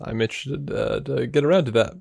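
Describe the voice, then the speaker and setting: A man's voice: mid-range voice, a little fast, gravelly, darkish tone, breathy edge, no echo, clean studio sound. A man co-hosting a podcast, chatting casually and telling funny anecdotes with laughs and restarts. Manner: storytelling, laughing, hesitant restarts, mimics voices in anecdotes. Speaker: podcast co-host. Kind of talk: casual chat.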